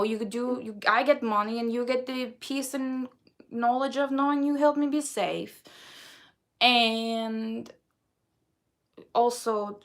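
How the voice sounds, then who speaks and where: A woman's voice: sits high, a bit bright, voice pushed up. A woman doing a playful put-on Eastern European accent that drops articles and small words as she signs off a livestream. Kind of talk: livestream sign-off.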